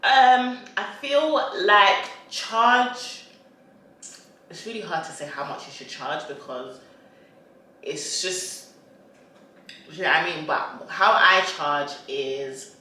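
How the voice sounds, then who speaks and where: A woman's voice: fairly low pitch, animated, slow, pauses often, sharp tone. A young woman chatting casually and sassily as a content creator, slipping into little voices for quotes. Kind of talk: casual chat while eating. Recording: very echoey room.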